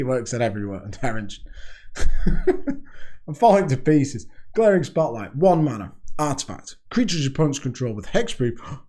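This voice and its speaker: A man hosts a casual card game review with a medium-pitched voice. He reads card text aloud in a steady way, then slips into loose, chatty asides and chuckles at his own jokes. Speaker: card game video host. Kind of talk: casual deck review monologue.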